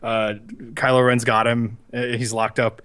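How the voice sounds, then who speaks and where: A man co-hosting a podcast in casual chat, animated and profane, who acts out movie lines with sudden loud yelps. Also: medium pitch, unhurried, clear, resonant tone. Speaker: podcast co-host.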